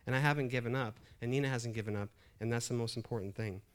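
A man's voice: mid-range voice, fairly even intonation, fast talker, clean tone. A middle-aged man preaching a sermon in a conversational way, often restarting phrases and building emphasis. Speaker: pastor.

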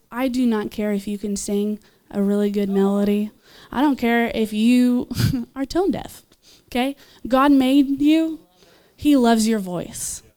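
A young woman giving a casual, enthusiastic sermon, chatting with laughs and fillers and jumping up in pitch when she voices others. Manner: animated, leaps in pitch when voicing others. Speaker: speaker at a church gathering.

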